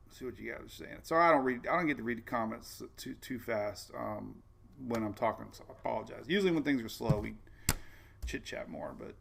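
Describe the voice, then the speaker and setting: A man's voice: mid-range voice, a little fast, vocal fry, a bit bright, slight background noise. A man hosting a casual weather livestream, chatty and folksy, often repeating himself and saying "man". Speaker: weather show host.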